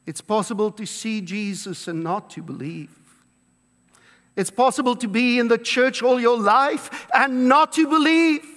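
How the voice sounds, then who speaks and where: A pastor preaching a sermon to his congregation, emphatic, slowing down to stress key words. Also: extremely high pitch, fairly bright tone. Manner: emphatic preaching with slow, drawn-out stresses and quoted scripture. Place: church. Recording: long reverb of a church hall.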